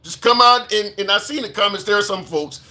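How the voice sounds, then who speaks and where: A man's voice: high-pitched, fast talker, pushed and bright. A man hosting a live political commentary stream, reading viewer comments and speaking indignantly, repeating phrases for emphasis.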